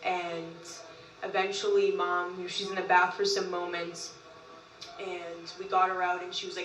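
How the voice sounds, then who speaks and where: A woman telling a long story in casual talk, animated, often laughing and acting out what others said. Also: fairly low pitch, moderate pace, distant mic. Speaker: group member recounting events. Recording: roomy, from off-mic.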